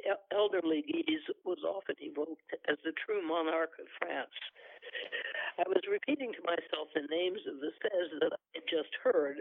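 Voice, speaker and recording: A man with a gravelly voice reads a first-person novel aloud and breaks off for halting asides. His voice sits a little high for a man. The sound is dry and tinny, as if over a phone line. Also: dry recording. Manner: hesitant, filler-heavy asides between steady reading. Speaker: reader of a novel.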